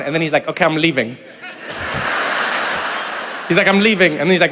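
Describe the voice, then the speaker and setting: A man in his forties from South Africa doing stand-up and crowd work, animated and acting out little voices as he talks, laughing along with the room. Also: on the high side, racing, in a large hall. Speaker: comedian. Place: comedy venue with a live audience.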